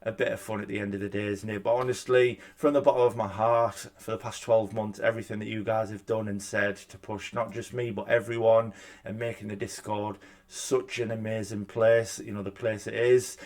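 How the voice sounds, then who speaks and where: A man's voice: lowish voice, flat delivery, brisk, darkish tone. A man, a gaming YouTuber talking in a casual, chatty, self-deprecating way at a desk mic in a room at home. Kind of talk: casual reaction vlog. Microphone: desk microphone.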